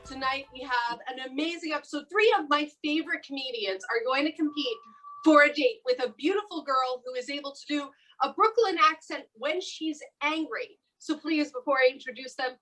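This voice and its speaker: A woman's voice: sits high, fairly quick, soft background music, low-quality recording. A woman hosting a live comedy dating game show, playful and teasing, with frequent laughter. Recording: live club with loud crowd noise.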